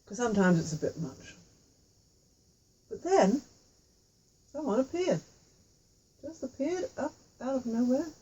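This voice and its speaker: A woman's voice: high-pitched, big pitch swings, measured pace, long pauses, warm tone, husky, lo-fi sound. A woman telling a children's story with tabletop puppets, chatty, with asides to the children.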